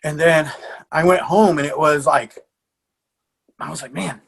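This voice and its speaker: Husky American man telling stories. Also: on the high side, unhurried. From USA. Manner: animated storyteller, swears, frequent restarts and laughs. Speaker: podcast guest, jiu-jitsu coach. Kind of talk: casual storytelling.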